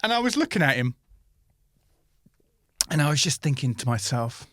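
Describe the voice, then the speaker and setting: A man's voice: fairly high pitch, moderate pace, no echo, clean studio sound. A male comedian co-hosting a podcast, chatting casually and acting out little stories with voices. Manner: animated storyteller, acts out voices. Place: Moscow.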